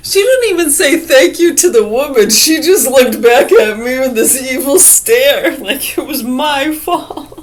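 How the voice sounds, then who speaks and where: A woman's voice: high voice, lively intonation, unhurried, few pauses. A woman rambling in a casual vlog monologue, crude and profane, laughing often, with a slight whistle through gaps in her teeth. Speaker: vlogger.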